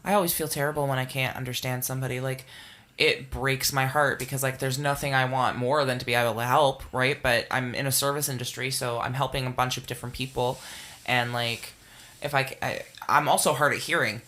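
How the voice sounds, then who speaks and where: A man's voice: medium pitch, steady tone, a little fast, pushed and bright. A man co-hosting a podcast in earnest casual chat, full of fillers. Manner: earnest, talks with many fillers.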